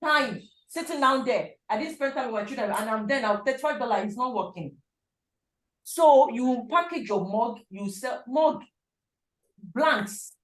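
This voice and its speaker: A woman leads a hands-on class, animated and insistent, sometimes dropping almost to a hush. The classroom rings with echo. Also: unhurried. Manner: animated, emphatic, drops to a hush at times. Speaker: sublimation printing instructor. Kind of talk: in-person class teaching. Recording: echoey classroom, low-quality mic.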